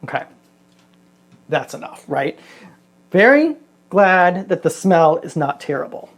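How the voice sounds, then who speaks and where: A man's voice: on the high side, very animated, slow pace, no echo. A man in his forties chatting casually in a vlog, reviewing a hair product in a rambling, self-deprecating way. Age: 40s.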